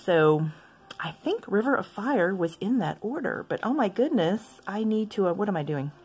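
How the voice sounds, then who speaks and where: A woman chatting casually as she swatches inks for her video, rambling into asides and gently poking fun at herself. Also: mid-range voice, expressive, moderate pace, husky, soft background music. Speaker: stationery vlogger.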